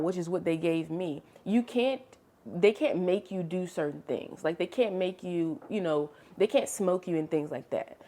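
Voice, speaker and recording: A young adult woman vlogger telling a story in casual, chatty storytime style. She is expressive and animated, and she calls the listener honey and girl. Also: lowish voice. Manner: animated, expressive storytelling with sharp swings in loudness.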